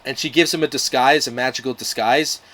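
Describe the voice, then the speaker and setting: A man's voice: medium pitch, steady tone, a little fast, a bit bright. A man talking casually to camera, retelling a miniseries plot in a loose, profane way, with lots of restarts and fillers. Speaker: video reviewer.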